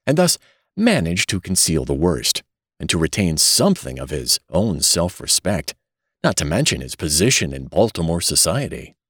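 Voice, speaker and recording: A man narrates a classic short story in a deep voice, telling it in a dramatic, expressive way. His pitch moves freely, and the recording is close and dry. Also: no echo. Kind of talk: audiobook short story reading.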